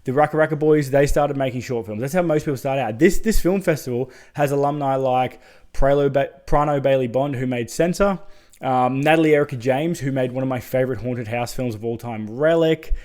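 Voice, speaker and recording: A man's voice: medium pitch, brisk, darkish tone. A man giving a casual, enthusiastic spoken review of horror short films, swearing freely and adding chatty asides.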